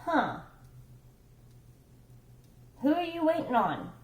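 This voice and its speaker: A woman's voice: high voice, huge pitch swings, takes it slowly. Rambling woman reading tarot, echoey room. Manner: rambling, conversational, swears casually, checks in with "okay?" and "right?". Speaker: tarot reader. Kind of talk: casual tarot reading monologue.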